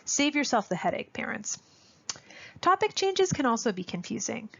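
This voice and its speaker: A woman with a gravelly, creaky voice presents a parenting webinar in clear, instructive narration. She speaks directly to parents in an even, scripted manner. The audio is dull and lo-fi. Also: on the high side, moderate pace. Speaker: speech-language presenter.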